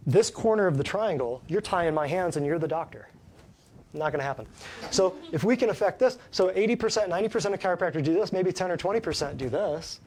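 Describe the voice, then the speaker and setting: A man gives a live health talk as a chiropractor, folksy and emphatic. His voice sits a bit high for a man, and he keeps throwing questions at the small audience. A faint hiss of noise runs under the recording. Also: a little mellow.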